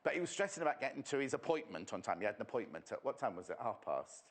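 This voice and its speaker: In a TV studio, a man presents a live sewing demonstration for a shopping channel, chatty and gossipy as he teases the crew. His medium-pitched voice is sing-song and racing.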